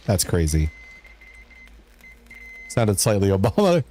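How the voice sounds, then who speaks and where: Male game streamer, low-pitched and warm-toned, rambling and joking with chat while playing. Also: expressive, measured pace, long pauses, faint music behind.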